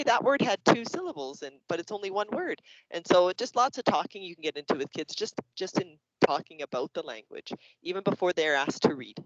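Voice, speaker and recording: Lively Canadian man explaining classroom activities. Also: sits high, no room sound, dull audio. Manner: lively, acts out classroom examples. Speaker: teacher presenting to educators. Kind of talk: explanatory workshop presentation.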